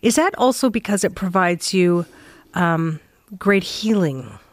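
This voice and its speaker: Gentle woman hosting a radio interview. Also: fairly low pitch, animated, a little slow, no echo. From Canada. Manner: warm, gentle questions with fillers, easily laughs along. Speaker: radio host.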